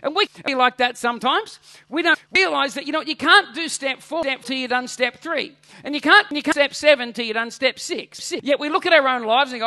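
Male pastor; high, bright voice; animated, funny storyteller in the pulpit. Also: quick pace, no room sound. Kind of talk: sermon.

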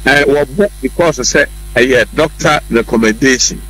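On a talk show, a Ghanaian man argues his political views, emphatic and repetitive, dropping English words into his speech. He speaks unhurriedly in a bright, forceful, mid-range voice. The recording quality is low.

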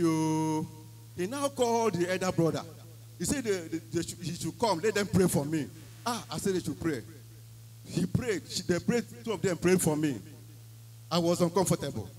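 A Nigerian church member gives an emphatic testimony, telling his story with Nigerian Pidgin phrases. His high voice is expressive and darkish at a moderate pace, with faint music behind him and poor audio.

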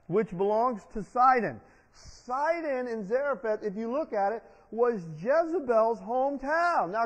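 A man's voice: high-pitched, in a large hall, highs cut off. A man preaching a sermon as pastor, calling out to the congregation for responses as he retells a Bible story. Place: church sanctuary.

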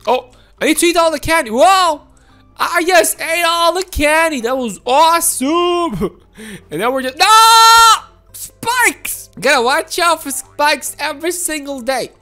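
A woman host giving excitable, exclamatory playthrough commentary on a video game, often giggling. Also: sits high, unhurried, faint music behind. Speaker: gaming channel host.

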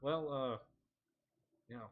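A man from New York roleplaying a ranger in a game, matter-of-fact and brisk. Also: medium pitch, phone-quality sound.

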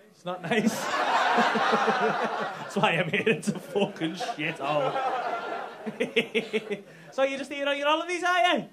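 A man's voice: very high voice, very noisy. A man doing stand-up crowd work in a comedy club, teasing the audience with crude, cheeky banter and swearing. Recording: live club set with loud crowd laughter.

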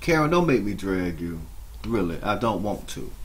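A man giving mocking reaction commentary on another streamer's clip, scolding her with drawn-out asides. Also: low voice, very animated, husky. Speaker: YouTube commentator.

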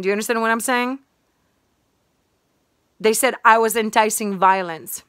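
A woman's voice: fairly high pitch, moderate pace, long pauses, fairly bright tone, smooth, no echo. Fervent woman preaching, dry close sound. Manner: fervent, repetitive and emphatic. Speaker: online preacher. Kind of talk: impassioned religious sermon.

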